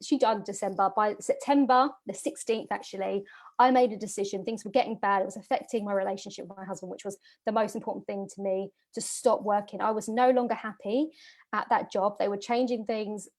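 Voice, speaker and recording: A woman's voice: medium pitch, fairly even intonation, fairly quick. A woman, telling a personal story to an audience as a business coach, emotional and full of fillers and repeats. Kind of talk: personal story in a masterclass talk.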